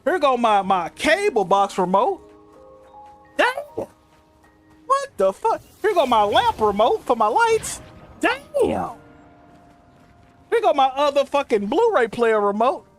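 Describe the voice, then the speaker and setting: Streamer, young man, high voice that swings wide, profane and animated storyteller. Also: moderate pace, few pauses, faint music behind. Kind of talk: casual stream chat. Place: home room.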